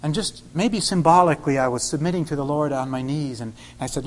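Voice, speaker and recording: Middle-aged male preacher, higher pitch, animated testimony with acted-out dialogue. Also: fairly quick. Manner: animated storyteller, acts out dialogue with sudden loud bursts. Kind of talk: sermon storytelling.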